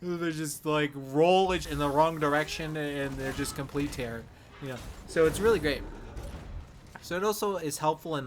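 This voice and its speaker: A man's voice: a little high, a little hiss or hum. A man hosting a casual game guide, talking in a playful, rambling, jokey way. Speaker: gaming channel host.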